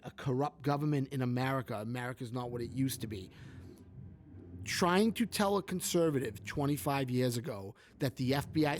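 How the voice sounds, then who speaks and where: A man's voice: medium pitch, a little hiss or hum. A man co-hosting a casual political podcast, rambling and filling his talk with "like.". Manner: rambling, heavy use of "like". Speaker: podcast co-host.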